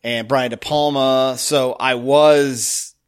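A man's voice: medium pitch, steady tone, slow pace, clean tone. A young adult man co-hosting a podcast, chatting casually and jokily about a classic film. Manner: jokey, slips into playful put-on voices. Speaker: podcast co-host. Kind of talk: casual movie chat.

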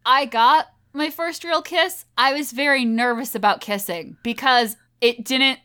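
Bright, smooth-voiced woman podcaster. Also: high voice, a little slow. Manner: playful, giggly, breaks into sung bits. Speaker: podcast co-host. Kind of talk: casual film-discussion chat.

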